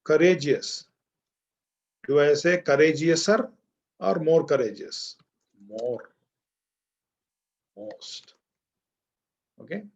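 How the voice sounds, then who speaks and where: Indian English male teacher, slow deliberate classroom lecture, quizzing students, muffled lo-fi sound. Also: fairly high pitch, animated, darkish tone.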